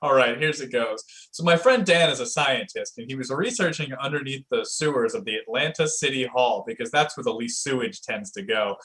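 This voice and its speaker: A man's voice: medium pitch, fairly quick, hardly any pauses, fairly bright tone, rough recording. A young man streaming improv comedy, playfully retelling an absurd story.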